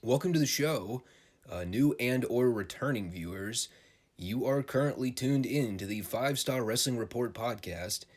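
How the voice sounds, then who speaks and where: A man's voice: medium pitch, unhurried. A man hosting his own wrestling podcast, talking casually and jokingly with some swearing and plenty of filler words. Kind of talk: casual solo podcast commentary.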